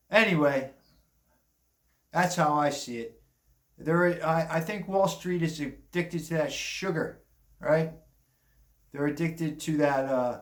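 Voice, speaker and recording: An older man giving a rambling, blunt opinion monologue on the day's news, with chuckling asides. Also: on the high side. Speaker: commentary vlogger. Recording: echoey room.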